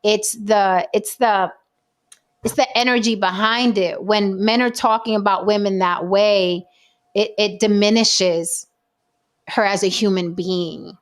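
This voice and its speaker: A woman's voice: mid-range voice, steady tone, measured pace. A woman hosting a casual panel talk show, making her points with emphatic repetition. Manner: emphatic, repeats points for effect. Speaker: podcast host.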